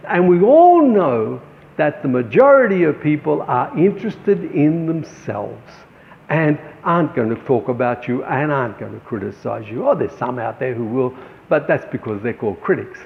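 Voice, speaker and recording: A man's voice: mid-range voice, sing-song, moderate pace, creaky. A man, a painter, giving an encouraging motivational talk to fellow artists, calling them friends. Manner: encouraging, addresses viewers as friends. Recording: echoey, tinny phone-like sound.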